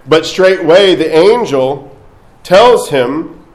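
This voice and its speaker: A man's voice: on the high side, lively intonation, extremely slow, reverberant, rough recording. A man preaching a sermon as a priest, speaking conversationally and adding light asides.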